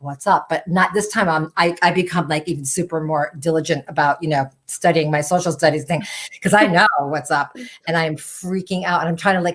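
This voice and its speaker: A middle-aged woman telling a personal story in an animated way, full of "like" and "you know" fillers. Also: lowish voice. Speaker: storytelling show host.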